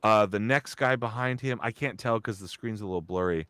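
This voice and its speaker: A man's voice: lowish voice, a little fast, a bit bright, no room sound. A young man, a guest on a live talk show, telling a casual story with lots of restarts and quoted voices. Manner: rambling, full of restarts and acted-out quotes. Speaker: guest, voice actor and comedian.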